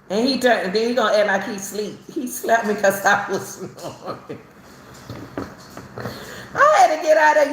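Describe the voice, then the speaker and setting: Laughing, animated woman in an echoey room. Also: medium pitch, normal speed, slight background noise. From Chicago. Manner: animated, laughs often mid-sentence, repeats herself. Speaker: speaker telling her own story. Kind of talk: casual storytelling. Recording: roomy echo, faint ambience.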